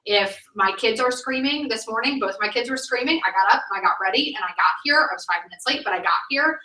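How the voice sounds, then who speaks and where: A woman's voice: a little high, lively intonation, fast talker, pushed and bright. A woman in her thirties, a sales director, giving an emphatic, chatty training talk full of "like.". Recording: echoey room, mic at a distance.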